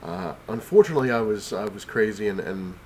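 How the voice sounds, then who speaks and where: A man's voice: lowish voice, expressive, brisk, a little mellow, a little hiss or hum. Sick, breathless man rambling about comics. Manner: rambling, full of fillers and restarts. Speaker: comic collector vlogger. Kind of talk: casual rambling vlog. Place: home, on the couch.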